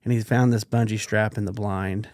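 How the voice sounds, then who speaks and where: Brief: male podcast co-host, lively storyteller who acts out voices and whispers for effect, close dry sound. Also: on the low side, normal speed, no room sound. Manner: animated storyteller, acts out quotes, drops to a whisper. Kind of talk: casual chat, storytelling.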